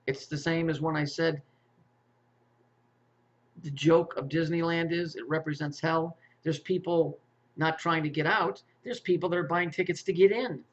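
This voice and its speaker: A man's voice: on the high side, steady tone, normal speed. Man ranting with stammered restarts. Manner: profane, repetitive, with stammered restarts and rhetorical questions. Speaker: conspiracy commentator. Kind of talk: rambling monologue. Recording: muffled lo-fi audio.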